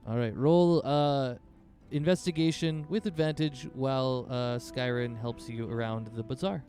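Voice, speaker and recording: A man's voice: mid-range voice, steady tone, measured pace, dark tone, faint music behind. A man narrating a tabletop game as game master in a loose, rambling way with many fillers.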